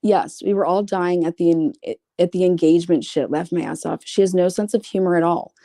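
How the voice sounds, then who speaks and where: A woman's voice: on the low side, fairly even intonation, fairly quick, dark tone, no echo, clean studio sound. A woman streaming casually, reading private messages aloud with blunt, sarcastic, profane asides. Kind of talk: casual livestream commentary.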